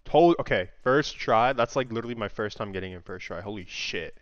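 A young man casually vlogging a daily guessing game, thinking aloud, excitable and swearing freely. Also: on the low side, quick pace, no room sound. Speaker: gaming content creator. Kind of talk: casual gaming vlog commentary. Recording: dry, slightly muffled home mic.

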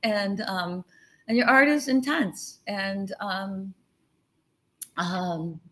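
A woman's voice: mid-range voice, drawn-out words, fairly bright tone. American woman hosting a live video chat, chatty and upbeat. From United States. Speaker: host. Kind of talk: live video call interview.

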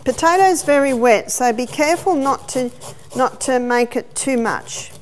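A middle-aged woman who works as a health educator gives a teaching seminar with a demonstration, telling stories and explaining each step. Her voice is high and she speaks a little slowly.

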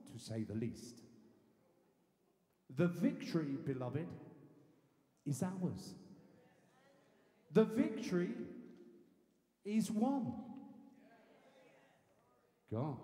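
A man preaching a lively sermon to a congregation, chatty and jokey, building up to shouted, punchy repeats. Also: fairly high pitch. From England. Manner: conversational, jokey, punchy repetition, rising to shouts. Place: church hall in front of a congregation. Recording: echoey hall from far off.

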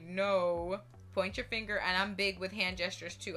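Lively woman host for a pet-care vlog, bright voice, very expressive delivery. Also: mid-range voice, normal speed, faint music behind. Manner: animated, expressive talker. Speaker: dog-training vlogger. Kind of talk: casual advice vlog.

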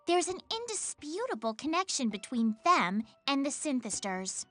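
Rin, a teasing, scheming young idol. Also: female voice, high voice, sing-song, a bit bright, faint music behind. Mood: coolly taunting. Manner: teasing, condescending, measured. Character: cool, scheming young woman idol with secrets. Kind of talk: video game voice acting.

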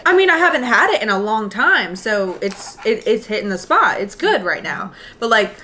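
A woman's voice: mid-range voice, big pitch swings, moderate pace, bright, forceful tone, a little hiss or hum. A woman co-hosting an eating show, chatting in an easygoing, giggly way between bites. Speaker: mukbang co-host. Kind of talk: casual chat while eating.

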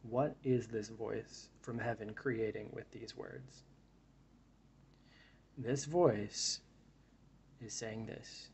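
A man's voice: on the low side, fairly even intonation, drawn-out words, vocal fry, long pauses, a little mellow, a little hiss or hum. A man giving a reflective Bible study talk, reading verses aloud and then musing on them in a thoughtful way. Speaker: Bible teacher.

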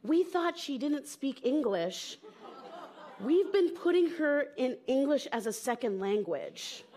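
A polite kindergarten teacher, put on by a woman comedian, explaining herself mildly. The voice is high and unhurried. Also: expressive, mellow. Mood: apologetic.

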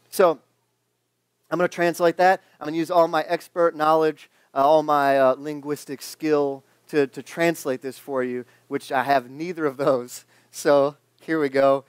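A young man in his twenties preaches in a loose, conversational way, joking and acting out the people in his stories. His voice sits a little high for a man, and the sound is close and dry, with almost no room echo. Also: flat delivery, a little slow, clear, resonant tone. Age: 20s. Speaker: pastor. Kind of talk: casual sermon. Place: church sanctuary.

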